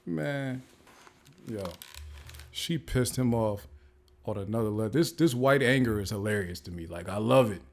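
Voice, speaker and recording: A man's voice: on the low side, normal speed, pauses often. Amused man giving slangy commentary. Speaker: podcast host. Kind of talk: casual reaction commentary.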